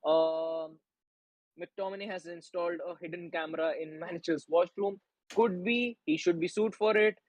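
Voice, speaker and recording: A man's voice: high-pitched, fairly even intonation, normal speed, no room sound, poor audio. A young man from India co-hosting a live football watchalong, chatting casually and reading out viewer messages. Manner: chatty, reads out chat messages. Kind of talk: casual live-stream chat.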